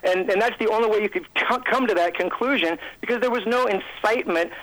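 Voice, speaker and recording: Fast, agitated male caller. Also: high voice, a bit bright, rough recording. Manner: rapid, agitated, trips over words. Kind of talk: phone-in opinion.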